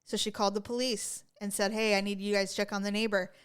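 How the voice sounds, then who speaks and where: A woman co-hosting a podcast in casual chat, telling animated stories and acting out the people she quotes. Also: medium pitch, fast, clean tone. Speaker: podcast co-host.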